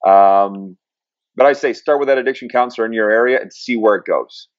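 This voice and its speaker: A man's voice: on the low side, fairly quick, no echo. A man who works as a sober coach, talking casually as an interview guest and acting out the people he quotes. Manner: animated storyteller, acts out quotes. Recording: dry, slightly dull studio sound.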